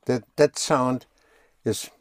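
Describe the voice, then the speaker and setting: A man's voice: mid-range voice, fairly even intonation, slow pace, no room sound, clean studio sound. A man teaching German in a patient one-on-one lesson, often spelling words out letter by letter.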